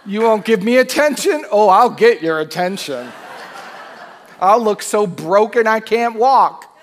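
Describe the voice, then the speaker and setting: A man's voice: mid-range voice, lively intonation, normal speed, a bit bright, a little hiss or hum. A man voicing a resentful grown son who sulks and complains with sarcasm and indignation. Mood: sarcastic. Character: sulking resentful grown son, self-pitying. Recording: long reverb of a church hall.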